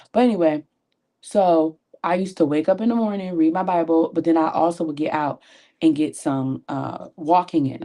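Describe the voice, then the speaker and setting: A woman with a low, mellow voice talks through her makeup at a home vanity, recorded on a tablet. She is animated and encouraging, full of folksy asides, as she chats to her viewers. It comes across as a personal motivational chat. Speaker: beauty vlogger and sales consultant. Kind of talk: chatty motivational talk while doing makeup. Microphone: tablet camera at her vanity.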